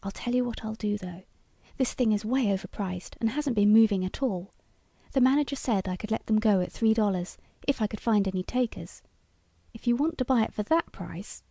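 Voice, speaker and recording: Woman reading an eager young toy salesman, salesy and confiding, mellow tone. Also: medium pitch, moderate pace, dry recording, clean studio sound, natural voice.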